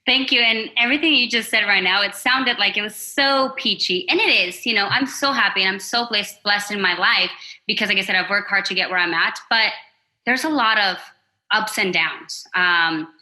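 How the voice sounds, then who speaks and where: A woman talking as a podcast guest, sharing openly in a heartfelt, expressive way. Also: medium pitch, moderate pace, rough recording. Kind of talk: casual interview chat.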